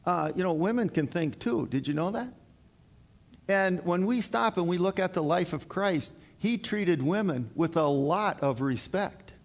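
A middle-aged man preaching a sermon in a folksy, halting way, full of fillers and repeated words. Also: high voice, expressive. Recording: reverberant hall.

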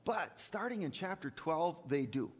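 A man preaching a sermon in a church, animated, often repeating words and slipping into sarcastic asides. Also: on the high side, a little slow, breathy edge, big-room sound. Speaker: preacher and college teacher.

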